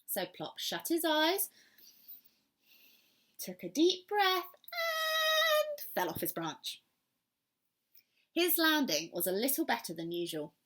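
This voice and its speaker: A woman teacher reads a children's storybook aloud and stops to ask the class questions. She reads slowly and brightly, with a very lively, expressive pitch. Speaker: primary school teacher.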